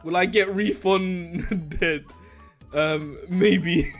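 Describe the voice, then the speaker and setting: Male gamer host, high voice, slow easy delivery, keeps breaking into giggles. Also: over loud music. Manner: giggly, laughs through his lines. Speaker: YouTuber playing a game. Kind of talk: casual gameplay commentary.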